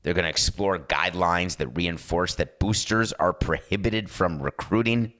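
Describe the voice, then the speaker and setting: Sports talk host, man in his 50s, slightly low voice, sarcastic and animated. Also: normal speed. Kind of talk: opinionated sports talk monologue.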